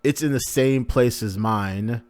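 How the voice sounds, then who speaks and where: A man reading the lines of a calm, decent young male hero from a manga in his own voice. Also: medium pitch, measured pace, natural voice. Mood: questioning.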